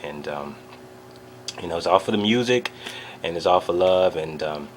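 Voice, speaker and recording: A man with a very low voice tells his story in an animated, eager way. He fills it with "you know" and "uh" and acts out each quote. A faint hiss sits under the recording. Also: moderate pace. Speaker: vlogger. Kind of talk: excited personal recap.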